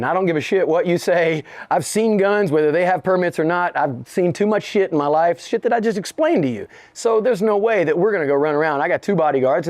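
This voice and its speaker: Fifties guy on an interview, kinda high voice, cussing and acting out the whole story, dry close mic. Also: no room sound. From United States. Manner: profane, acts out quotes in a high excited voice, laughs often. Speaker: interview guest, rapper. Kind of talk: animated storytelling in a sit-down interview.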